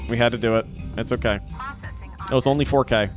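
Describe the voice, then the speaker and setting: A man's voice: mid-range voice, fairly even intonation, a little fast, over music. A man giving casual live gameplay commentary, playful and rambling, repeating phrases and talking to his chat. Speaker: game streamer.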